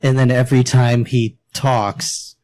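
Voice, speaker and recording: A man's voice: mid-range voice, flat delivery, darkish tone. Male podcast co-host, jokey, casual banter. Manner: joking, quick asides. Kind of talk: casual movie chat.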